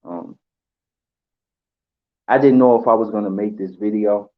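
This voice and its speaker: A man giving an emotional tribute, halting with pauses and fillers as he holds back tears. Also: on the low side, fairly even intonation, phone-quality sound. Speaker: channel host.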